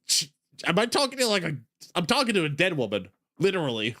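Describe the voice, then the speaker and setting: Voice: mid-range voice, very animated, fast, sharp tone. A streamer making joking, laughing asides while playing a story game. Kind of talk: casual gameplay commentary.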